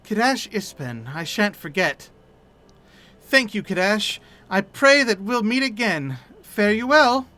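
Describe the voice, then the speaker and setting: A man's voice: sits high, very animated, slow, pushed and bright, voice pushed up, exaggerated voice. A man voicing a shy, grieving young female adventurer in a video game, speaking hesitantly and earnestly.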